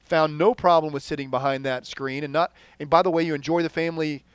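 A man's voice: on the high side, fairly even intonation, fast, clear, resonant tone, no room sound. Rambling man talking sports, dry close mic. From Texas. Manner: rambling, trails off quietly at sentence ends. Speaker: podcast co-host. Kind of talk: casual sports chat.

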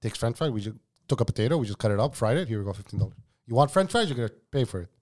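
A man's voice: fairly low pitch, very fast, darkish tone. Profane storytelling man. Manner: profane, storytelling, says bro a lot. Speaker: podcast guest, former cook. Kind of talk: casual chat.

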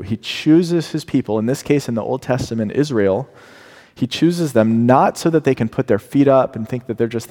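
A man preaching a sermon, acting out scripture in a lively way with big rises and drops. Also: fairly low pitch. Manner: animated, dramatic paraphrasing of scripture. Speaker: pastor. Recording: long hall reverb.

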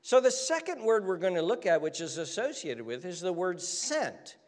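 A male pastor preaching a sermon with passionate repetition, dropping to hushed whispers at times. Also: sits high, big pitch swings, moderate pace. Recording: long hall reverb.

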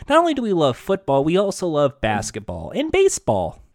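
Lively, animated man co-hosting a chat. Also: fairly high pitch, normal speed, dry recording, clean studio sound. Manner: animated, chatty, breaks into voices and explanations. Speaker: podcast co-host. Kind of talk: casual chat.

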